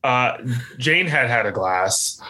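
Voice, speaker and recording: A man co-hosting a podcast over a video call, telling tall comic stories with a deadpan delivery. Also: mid-range voice, slow. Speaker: podcast co-host. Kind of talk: comedic casual chat over video call.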